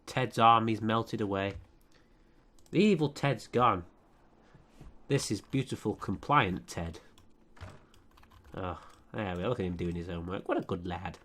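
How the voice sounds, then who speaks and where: A man's voice: on the low side, unhurried, pauses often, a bit bright. A man commentating over a life-sim game, sarcastic and profane as he scolds the characters. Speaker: let's play commentator.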